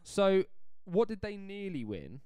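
Brief: young podcast co-host, animated and smooth, dry close sound. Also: male voice, sits high, a little slow, no echo. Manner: lively, rambling, easily flustered. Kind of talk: casual football chat.

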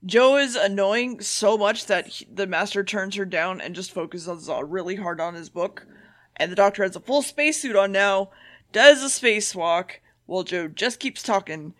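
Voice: mid-range voice, moderate pace, bright, forceful tone. A podcast co-host giving a loose, sardonic plot recap, peppered with swearing and dry asides. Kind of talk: casual episode recap.

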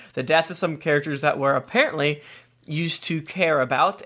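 A man's voice: fairly high pitch, sharp tone. A man co-hosting a podcast, reading listener reviews aloud with jokey asides and stumbles. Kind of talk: casual chat.

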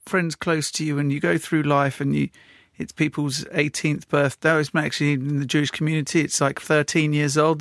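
Higher-voiced male podcast host, dry. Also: vocal fry, a bit bright, no room sound. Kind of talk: interview chat. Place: radio studio.

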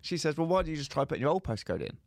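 A man's voice: fairly high pitch, very animated, racing, vocal fry, a little mellow, no echo, studio quality. A young man co-hosting a podcast, telling a comic story and acting out both sides of phone calls. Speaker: podcast co-host. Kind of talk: casual storytelling chat.

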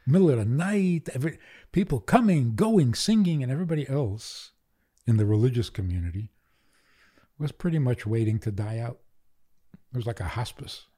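Mellow-voiced older man telling wry stories. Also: mid-range voice, normal speed, slightly rough. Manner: wry, animated storyteller with deadpan humor. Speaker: rabbi, guest. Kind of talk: interview conversation.

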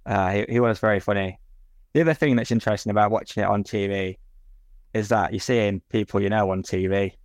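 A man with a low voice chats on a podcast in a dry, joking way. The sound is close and dead, with no echo at all. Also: steady tone, brisk. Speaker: podcast co-host. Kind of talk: casual chat.

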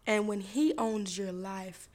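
A woman's voice: medium pitch, fairly even intonation, slow, a little mellow. A woman podcast host talking candidly and emotionally about her healing and faith, speaking to listeners as y'all. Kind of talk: personal faith testimony.

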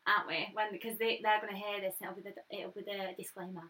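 A woman's voice: mid-range voice, level tone, fast talker, pushed and bright, distant mic. A woman in her twenties co-hosting a casual podcast, rambling, cutting in and swearing casually. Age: 20s. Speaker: podcast co-host. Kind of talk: casual chat.

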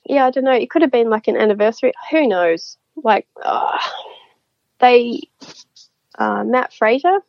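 A woman's voice: fairly high pitch, lively intonation, measured pace, vocal fry, dry recording. Woman guest, rambling storyteller, dull lo-fi sound. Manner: chatty, rambling, laughs often. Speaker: psychic guest. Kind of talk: casual storytelling. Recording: dull lo-fi, dry.

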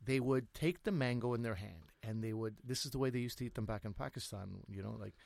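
A man's voice: fairly low pitch, vocal fry, a little mellow, no room sound. A man in his thirties co-hosting a podcast, chatting casually and telling stories with jokey asides. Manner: storytelling, jokey, quick asides. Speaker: podcast co-host. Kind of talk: casual chat.

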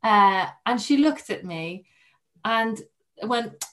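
A woman's voice: on the high side, takes it slowly. Emotional woman telling a story. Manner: emotional, animated storytelling with acted quotes. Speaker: podcast guest. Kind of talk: casual chat.

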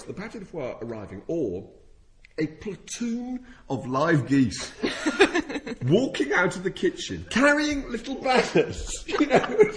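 A man's voice: high voice, sharp tone. A middle-aged man telling a comic anecdote to an audience, laughing through his words and stumbling over restarts. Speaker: storyteller on a talk show. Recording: live audience laughter behind.

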